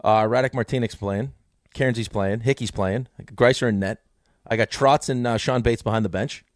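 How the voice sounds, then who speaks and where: A man from New co-hosting a sports radio show, talking in quick, animated, jokey banter. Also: medium pitch, no echo, clean studio sound.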